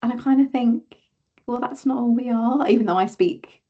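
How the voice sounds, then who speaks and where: Mellow-voiced southern English woman. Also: fairly high pitch, moderate pace, dull audio. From southern England. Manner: rambling, full of fillers and self-corrections. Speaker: author guest. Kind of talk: casual podcast chat.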